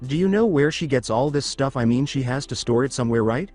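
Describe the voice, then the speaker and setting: A man reads out an ancient male fox demon, gruff and wary, with a lively, rising and falling voice. Soft music sits behind the storybook reading. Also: mid-range voice, quick pace, close to an everyday voice.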